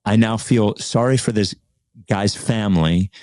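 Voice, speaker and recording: Low-voiced man telling a story. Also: measured pace, no room sound, clean studio sound. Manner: animated storyteller, acts out quoted arguments. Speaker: podcast co-host. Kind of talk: casual conversation.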